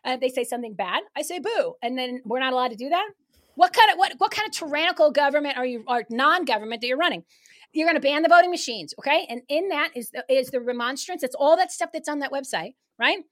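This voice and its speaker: A woman guest on a talk show speaking in a fired-up, emphatic, rapid way. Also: high-pitched, lively intonation, a bit bright. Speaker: guest activist. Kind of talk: casual talk-show chat.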